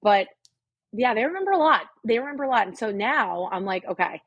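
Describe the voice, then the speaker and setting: A woman's voice: a little high, expressive, brisk, a bit bright, breathy edge, no room sound, highs cut off. A woman co-hosting a podcast, talking frankly and swearing freely in casual chat. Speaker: podcast co-host.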